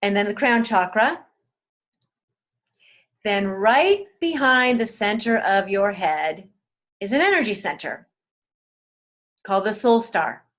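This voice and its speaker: A woman teaching a spiritual webinar in a gentle, soothing way, talking straight to her listeners and repeating key words. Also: mid-range voice, animated, slow pace, long pauses.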